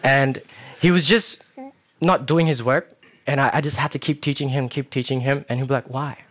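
A young man preaching a casual sermon, telling self-mocking stories with animated asides. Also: mid-range voice, moderate pace.

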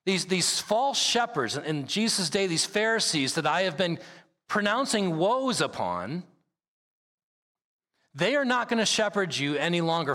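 Man, pastor, preaching a sermon, emphatic, repeats key phrases, bright ringing tone, long hall reverb. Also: a little high, big pitch swings, measured pace. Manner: reads scripture aloud at length.

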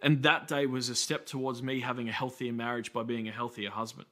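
Australian man, pastor, preaching a sermon, storytelling, medium pitch, bright tone. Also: flat delivery. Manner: conversational storytelling preacher, quick asides.

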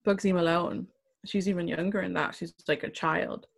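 A woman co-hosting a podcast, talking about a film in a relaxed, chatty way. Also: on the low side, moderate pace, creaky. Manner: relaxed, chatty, laughs easily. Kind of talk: casual film discussion.

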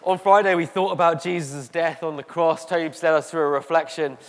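A man preaching a sermon to a congregation, slow and emotive, with dramatic pauses. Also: on the high side, fairly even intonation. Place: church hall. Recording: echoey hall.

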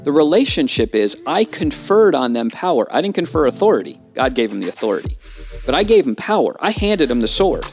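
A man's voice: a little high, sing-song, fairly quick, faint music behind. A man, a trial lawyer and guest on a casual podcast conversation, talking in an earnest, emphatic, almost preacherly way.

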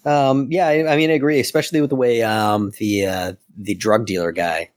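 Low-voiced man recapping comics casually. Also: steady tone, a little fast, no room sound. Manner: rambling recaps with laughs. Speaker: podcast co-host. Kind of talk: casual comic book chat.

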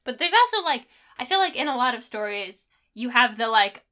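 Woman, casual film chat, sarcastic, filler-heavy, slightly high bright voice. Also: brisk, few pauses. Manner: critical, sarcastic, many fillers. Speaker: podcast co-host.

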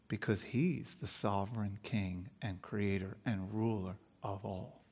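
A man's voice: on the low side, fairly even intonation, a little slow, a little mellow, husky. Earnest pastor man preaching. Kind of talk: sermon with story reading.

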